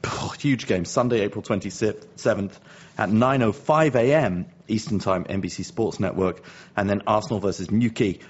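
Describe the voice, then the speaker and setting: A man's voice: fairly low pitch, normal speed, breathy edge, highs cut off. A man co-hosting a podcast, chatting casually with dry, teasing banter. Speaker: podcast co-host. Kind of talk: casual chat.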